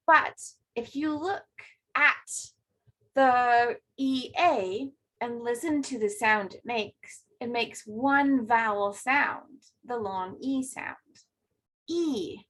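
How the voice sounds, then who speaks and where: Lady teacher reading with little kids, kinda high voice, nice and slow. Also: a bit bright, low-quality recording. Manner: slow, clear, encouraging teacher talk to young children. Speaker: grade two teacher. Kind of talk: remote classroom phonics lesson.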